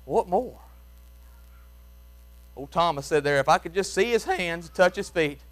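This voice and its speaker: High-voiced Southern preacher, big swings in volume. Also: male voice, lively intonation, measured pace. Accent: Southern US, Mississippi. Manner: swings from shouting to hushed, soft tones; folksy Southern grammar, chuckles while preaching. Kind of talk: revival sermon. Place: church.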